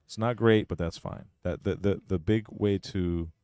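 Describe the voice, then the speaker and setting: A man's voice: deep voice, fairly even intonation, normal speed, dark tone, no echo, clean studio sound. A man commentating a pool match, blunt and opinionated, explaining each shot step by step. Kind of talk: live sports commentary.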